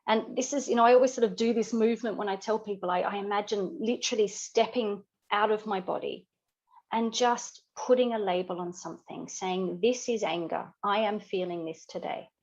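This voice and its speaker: A woman's voice: medium pitch, a little fast, a little mellow. Earnest woman coach, dull audio. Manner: earnest, explains with many "you know" asides. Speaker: guest, business coach. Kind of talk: reflective podcast conversation.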